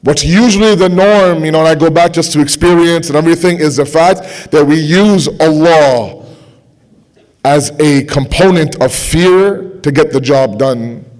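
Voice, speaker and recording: A young man giving a sermon to a gathering, impassioned, repeating phrases for emphasis and dropping to quiet intensity. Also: on the high side, measured pace. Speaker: speaker at a religious gathering.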